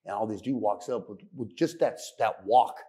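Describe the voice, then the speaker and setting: A man from California, a podcast guest, telling his story candidly in a soft-spoken, profane, reflective way. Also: fairly low pitch, moderate pace, breathy edge. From San Fernando Valley, California.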